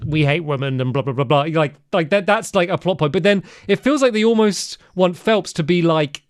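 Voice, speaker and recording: A man's voice: high voice, lively intonation, brisk, dry recording, clean studio sound. A man co-hosting a casual game-review podcast, rambling with lots of filler words. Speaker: podcast co-host. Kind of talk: casual chat.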